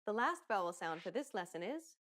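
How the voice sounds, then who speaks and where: Woman, pronunciation instructor, scripted lesson narration, clear upbeat delivery, lively melodic voice. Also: medium pitch, fairly quick.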